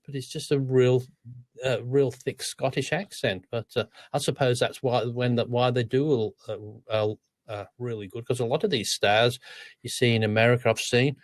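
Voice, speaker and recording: Australian man, casual chat, rambling with restarts, mid-pitched voice, dry close recording. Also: steady tone, normal speed, no room sound. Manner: rambling, restarts and trailing asides. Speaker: podcast co-host.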